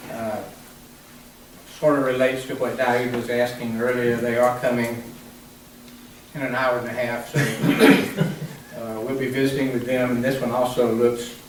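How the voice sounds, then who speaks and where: A man calmly laying out business prospects and deals in a formal meeting, explaining each item step by step. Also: mid-range voice. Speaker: development staff presenting prospects. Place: large meeting room. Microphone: distant room mic. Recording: echoey room from far off, faint noise.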